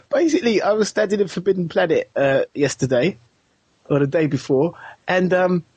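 A man tells a story on a podcast, rambling and chatty. His voice sits high with a husky edge. The sound is dry and close. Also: animated, unhurried, no echo. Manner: rambling anecdotal storytelling with laughs. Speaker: podcast co-host. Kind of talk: casual podcast chat.

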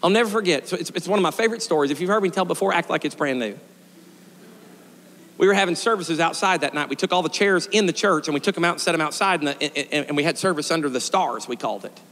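A middle-aged male pastor preaching a storytelling sermon, swinging from shouted peaks to quiet, joking asides. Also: fairly high pitch, fast talker. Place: church sanctuary. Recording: long church reverb.

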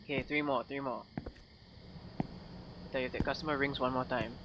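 A woman's voice: a bass voice, steady tone, brisk, background noise. A woman hosting a let's-play, giving joking, sarcastic running commentary. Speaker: gaming channel host. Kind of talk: casual let's-play chat. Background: game music.

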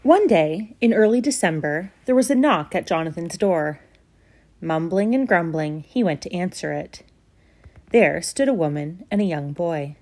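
A woman reading a children's storybook aloud at a church in a steady, expressive manner. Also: on the low side, moderate pace.

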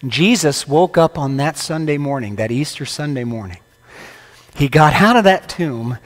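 A man preaching as a guest preacher, conversational and playful, quizzing the congregation with questions. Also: medium pitch. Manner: playful humorous asides. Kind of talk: sermon. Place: church sanctuary. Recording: long church hall reverb.

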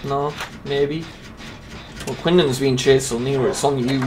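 Excitable swearing gaming commentator. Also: male voice, medium pitch, measured pace, noisy background. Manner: excitable, swears a lot, jokey. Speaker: gaming YouTuber. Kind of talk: casual gameplay commentary.

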